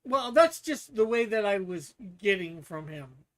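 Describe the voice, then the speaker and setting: A livestream host chats casually with viewers, stumbling over words and restarting as the thoughts come. The voice sits at a middling pitch. Light laughs break up the rambling. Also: expressive, a little slow, a bit bright. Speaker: streamer hosting a guessing game.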